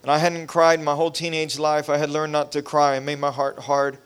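A man's voice: fairly high pitch, flat delivery, brisk, clear, resonant tone. A man preaching a revival sermon, telling his own testimony with impassioned, repetitive preacherly cadence. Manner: impassioned, rising to near shouting. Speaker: pastor.

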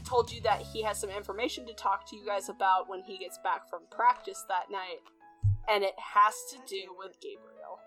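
A young woman adding notes to a tabletop game recap as game master, teasing and quick to react. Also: medium pitch, soft background music, low-quality recording. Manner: bright, lively interjections and teasing. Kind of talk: casual chat.

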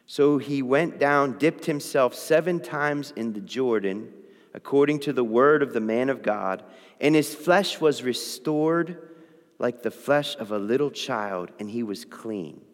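Lively man preaching in a reverberant hall. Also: mid-range voice, a little slow. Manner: conversational, keeps checking in with "okay?". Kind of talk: sermon with Bible reading.

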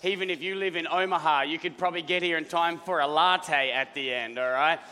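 A man preaching as lead pastor, his voice rough and hoarse, rallying the congregation and clearing his throat often. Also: on the high side, brisk, sharp tone. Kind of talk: sermon. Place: church auditorium. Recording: hall reverb with faint music.

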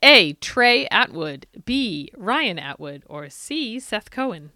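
A woman's voice: medium pitch, big pitch swings, slow pace, pushed and bright, no room sound, clean studio sound. A woman hosting a quiz on a casual podcast, teasing and laughing as she reads the questions. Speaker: podcast co-host, quizmaster. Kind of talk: casual chat.

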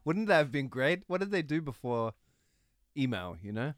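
A man's voice: mid-range voice, very animated, measured pace, dry recording. An Australian man co-hosting a casual podcast, teasing and laughing often. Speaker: co-host.

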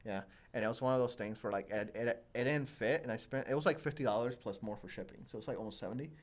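A man's voice: medium pitch, fast. A young man hosting a podcast, telling long self-deprecating stories in casual chat, full of fillers. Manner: rambling, self-deprecating storytelling with many fillers. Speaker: podcast host.

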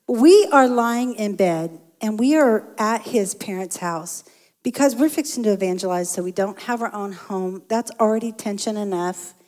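Woman telling a story about her marriage, lively and laughing a lot, mid pitch. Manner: animated, laughs often. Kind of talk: casual storytelling.

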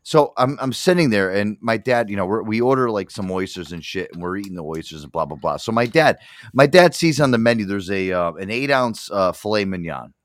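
Man ranting on air, lively pitch. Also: fairly quick, dry recording, studio quality. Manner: profane, rambling storyteller with many restarts. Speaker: radio show host. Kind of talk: casual on-air rant.

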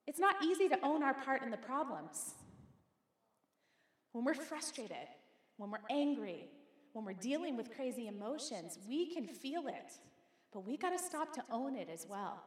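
A middle-aged woman pastor preaches a sermon straight to her congregation, her high-pitched voice very animated, conversational and emphatic at a normal speed. The church auditorium rings like an echoey hall with long reverb.

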